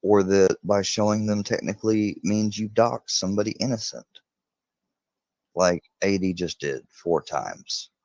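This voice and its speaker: A man's voice: fairly low pitch, unhurried, darkish tone, no echo, poor audio. A man casually chatting on a live stream in a rambling way. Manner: rambling, talks to his dog mid-stream.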